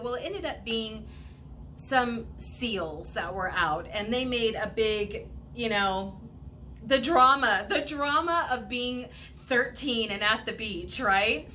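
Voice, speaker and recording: A woman telling a casual personal story in an animated way, laughing often and acting out what people said. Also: a little high, unhurried, slight background noise. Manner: animated, laughing often, acts out quoted voices.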